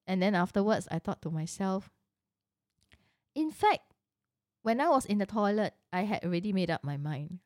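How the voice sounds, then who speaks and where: Middle-aged woman, chatty storyteller, dry close sound, mid-pitched voice. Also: expressive, moderate pace, pauses often, a little mellow, dry recording. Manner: chatty, with rhetorical questions and "you know". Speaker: personal storyteller. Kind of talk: casual storytelling with a lesson.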